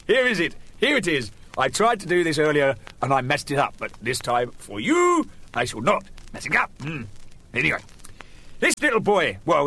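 A man's voice: on the high side, a bit bright. A middle-aged man hosting his own radio spot, rambling playfully and chuckling at his own jokes. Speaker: radio show host. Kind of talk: joking casual monologue.

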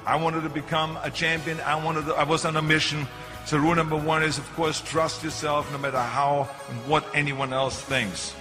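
An older man with a German accent and a slightly high voice gives a motivational keynote at a moderate pace. He tells stories in an animated way with punchy emphasis. The hall is echoey, with faint music behind him.

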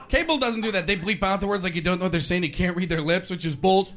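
A male stand-up comedian telling animated, sarcastic stories on a club stage. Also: high voice, racing, few pauses, background noise. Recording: live club with audience laughter.

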